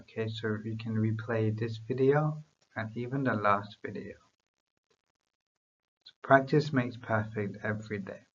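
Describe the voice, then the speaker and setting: A man teaching a beginner English lesson, reading drill phrases slowly and deliberately for learners to repeat. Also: on the low side, muffled recording.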